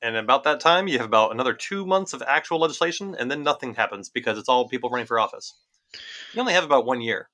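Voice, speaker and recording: A man co-hosting a casual political podcast, talking fast and animated, repeating phrases for emphasis. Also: medium pitch. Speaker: podcast co-host.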